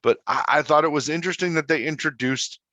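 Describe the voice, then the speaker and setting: A man's voice: on the high side, fast talker, pushed and bright, no echo. A man co-hosting a podcast, talking casually about a film and acting out his own reactions. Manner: chatty, acts out his own thoughts as quotes. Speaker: podcast co-host. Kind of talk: casual movie review chat.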